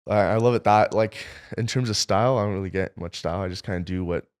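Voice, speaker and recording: A man's voice: fairly low pitch, fast. A young man, a film director being interviewed, telling stories in a casual, rambling way full of fillers.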